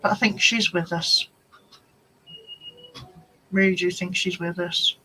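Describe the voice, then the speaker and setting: A woman's voice: on the low side, steady tone, slow, sharp tone, slight background noise, rough recording. A woman hosting a casual live-stream chat from home, rambling and talking to commenters by name. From United Kingdom. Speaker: craft channel host.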